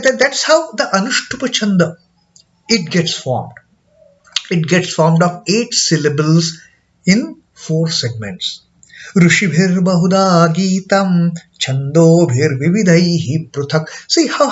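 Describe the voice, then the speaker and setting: A man with an Indian English accent explaining a scripture lesson, hesitant with many fillers and repeats, chanting verses slowly. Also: high-pitched, fairly bright tone. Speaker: scripture teacher. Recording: dull lo-fi recording.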